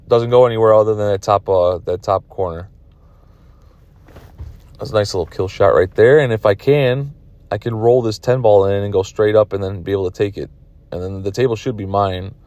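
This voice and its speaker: A man's voice: on the low side, darkish tone, dry recording. A tired man commenting on his own pool match from his car, rambling and self-critical. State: tired, yawning. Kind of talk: casual video commentary.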